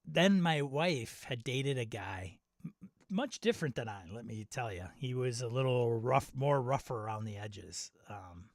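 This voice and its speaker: A man's voice: medium pitch, expressive, measured pace, no echo, clean studio sound. A middle-aged man from Wisconsin hosting a casual live-stream chat, rambling and nostalgic, often laughing at himself. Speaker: channel host.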